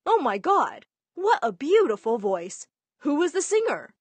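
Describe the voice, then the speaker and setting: A woman's voice: sits high, very animated, a little slow, darkish tone, dry recording, pitched above the performer's own voice. A woman doing a gushing, eager man. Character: excitable man, dad's friend.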